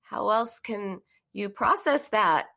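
A woman's voice: mid-range voice, expressive, slow pace, creaky, a bit bright. Earnest woman host giving advice. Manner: earnest and encouraging, acts out emotional phrases. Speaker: therapist hosting a call-in live stream. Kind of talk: casual live-stream advice talk.

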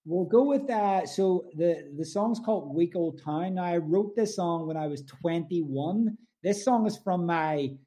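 A man's voice: high-pitched, unhurried, hardly any pauses, dark tone. A man with an Irish accent, a musician guest chatting casually in an interview, rambling with lots of "like" and "you know".

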